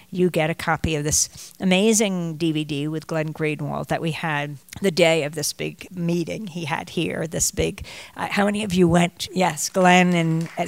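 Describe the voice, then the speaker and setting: An older woman with a gravelly edge, talking to a bookstore crowd. She wanders from her point into chatty stories and asides, and her voice sounds close and dry. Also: lowish voice, no room sound. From United States. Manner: digressive storytelling, chatty asides. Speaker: journalist and author on a book tour. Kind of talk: bookstore talk to an audience. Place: bookstore event.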